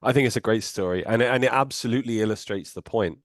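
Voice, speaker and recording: A man's voice: lowish voice, fast talker, no echo, clean studio sound. A man hosting a training session, giving brief, encouraging replies in casual chat. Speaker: host of a negotiation training session.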